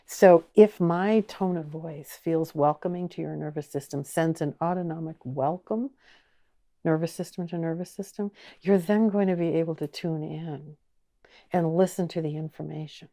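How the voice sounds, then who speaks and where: A woman teaching an online course, speaking slowly and gently and asking the listener many inviting questions. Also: low voice. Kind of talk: guided teaching talk.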